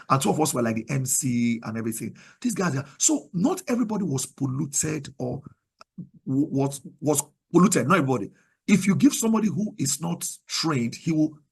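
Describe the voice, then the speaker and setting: A middle-aged Nigerian man with a Nigerian accent preaching a sermon in a conversational, animated way, often repeating words. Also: fairly high pitch, gravelly, slightly rough. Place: virtual service, remote.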